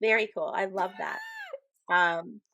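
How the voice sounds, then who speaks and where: A woman's voice: on the low side, steady tone, a little slow, bright, forceful tone. A woman in her thirties co-hosting a spiritual podcast, chatting casually and telling stories with frequent fillers and laughs. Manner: chatty storyteller, laughs often, many fillers. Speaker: podcast co-host, medium. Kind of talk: casual chat.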